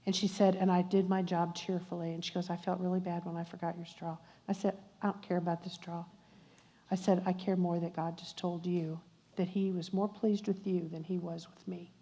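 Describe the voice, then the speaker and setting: Speaking at a church luncheon as a guest, an older woman recounts a personal story of faith, voicing the dialogue herself and turning to the audience with asides. She has a fairly low, warm voice with a flat, brisk delivery. The sound is muffled and echoes through the church hall.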